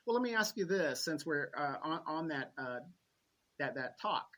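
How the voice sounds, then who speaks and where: Laid-back man with a sharp, bright tone. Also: a little high, animated. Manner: laid-back, drawn-out, agreeable. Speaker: co-host. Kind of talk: political commentary chat.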